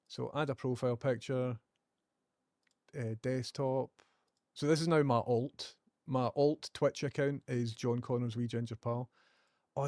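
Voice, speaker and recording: A man's voice: mid-range voice, a little mellow, no room sound, clean studio sound. A Scottish man chatting casually on a live stream, joking and laughing often.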